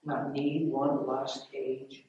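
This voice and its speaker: A man preaching and telling his own testimony, emotional and storytelling, swinging between loud and hushed. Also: medium pitch, flat delivery, very slow, highs cut off. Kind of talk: sermon. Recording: echoey hall from far off with faint noise.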